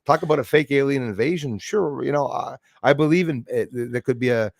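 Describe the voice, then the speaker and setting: A man hosting a casual chat, telling stories in an excitable, animated way. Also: medium pitch, a little fast, vocal fry, no echo, studio quality. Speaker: podcast host.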